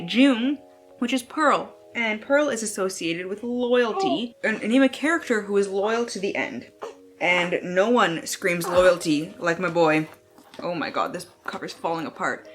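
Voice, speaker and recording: A young woman chatting casually at home about books, excitable and swearing freely, turning now and then to talk to her baby. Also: medium pitch. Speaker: book vlogger. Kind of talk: casual chat.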